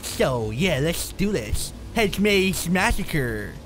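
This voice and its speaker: A man's voice: a little high, sing-song, takes it slowly, over music. A young man playing a horror game and commenting on it, jumpy and exclaiming, with bursts of nervous laughter. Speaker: gaming YouTuber. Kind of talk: horror let's play commentary.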